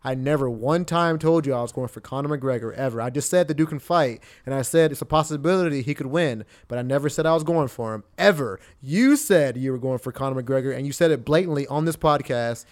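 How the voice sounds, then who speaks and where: A man's voice: medium pitch, fairly quick, hardly any pauses. A young man co-hosting a casual podcast who insists on his point, repeating himself and swearing. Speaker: podcast co-host.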